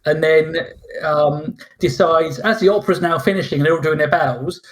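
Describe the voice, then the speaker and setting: A man's voice: fairly high pitch, moderate pace. A man co-hosting a podcast, ranting about a film in casual talk, exasperated and mocking as he acts out sarcastic reactions. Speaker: podcast co-host.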